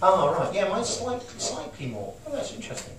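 A man's voice: high voice, sing-song, fairly quick, crowd noise. A man giving an informal, joking talk to a live audience, acting out emotions as he goes. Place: small event room. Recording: echoey room, voice from far off, audible noise.

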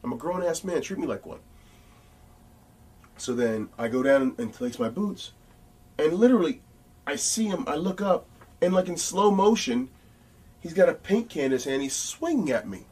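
A man as an interview guest, telling casual anecdotes in an animated, blunt way with some profanity. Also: a little high, moderate pace, breathy edge, distant mic.

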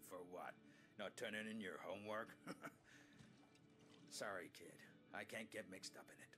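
An actor playing a gruff, bored man in a roadside bar who talks in a dry, mocking drawl. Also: on the low side, a little slow, over music, natural voice.

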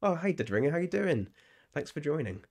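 A man's voice: a little high, big pitch swings, fairly quick, gravelly. A young English man chatting casually while streaming a game live, rambling, restarting his phrases and laughing often. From England.

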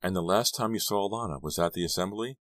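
A patient female police officer working through her questions, as a man voices her. Measured and steady over a very deep voice, recorded dry and close. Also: no room sound, close to an everyday voice.

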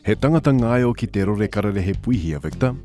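A man narrating a hunting show in a formal, measured voice-over. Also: lowish voice, lively intonation, warm tone, soft background music.

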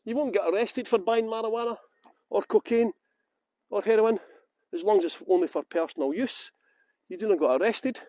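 A middle-aged Scottish tour guide with a strong accent leads a live-streamed walking tour through town streets at night, chatting to viewers by name and laughing often. His voice is high and dark-toned, at a normal speed with long pauses. The recording is dry.

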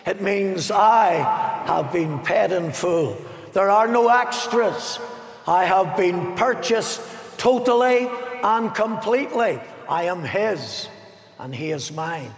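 An older Northern Irish pastor preaches in a high voice, drawing each phrase out slowly and sometimes half-singing a line. His sermon rings through a big arena, trailed by a long, echoing reverb. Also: animated. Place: large arena.

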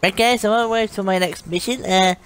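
A woman giving brash, profane comedic commentary while playing a game, yelling insults at enemies. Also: medium pitch, fairly quick, a little hiss or hum. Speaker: gameplay commentator. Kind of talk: comedic let's-play commentary. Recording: game sounds loud behind the voice.

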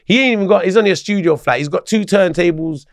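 A man from London, a podcast guest, telling a story in an animated, slangy way with plenty of swearing. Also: high-pitched, fast talker, vocal fry, no echo, clean studio sound. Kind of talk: casual storytelling.

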